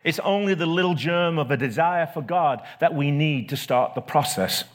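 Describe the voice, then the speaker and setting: A man voicing a gentle bright spirit, a brother who speaks in a calm, coaxing way. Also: fairly high pitch, normal speed, close to an everyday voice. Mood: patient.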